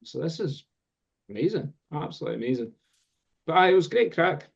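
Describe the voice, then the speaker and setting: A Scottish man, a guest drum teacher, telling a long story in casual chat, rambling with many pauses and fillers. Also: on the high side, very animated, vocal fry. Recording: dull lo-fi sound.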